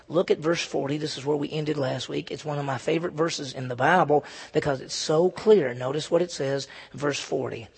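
A man's voice: fairly high pitch, normal speed, creaky, breathy edge. A male pastor preaching an expository sermon to his congregation, emphatic and repeating key phrases. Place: church with a congregation.

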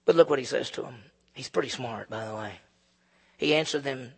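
A fervent male pastor delivers a sermon in a gravelly, somewhat husky voice that swings between hushed asides and loud emphasis. His pitch sits a little high for a man. A long hall reverb hangs behind him. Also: animated, brisk.

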